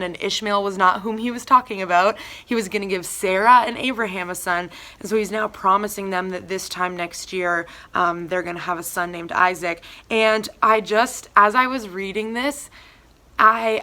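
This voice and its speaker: Young woman, bright clear voice, chatty devotional talk, lots of fillers. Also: mid-range voice. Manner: chatty, filler-heavy, animated retellings. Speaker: church member giving a devotional. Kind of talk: casual devotional talk with scripture reading.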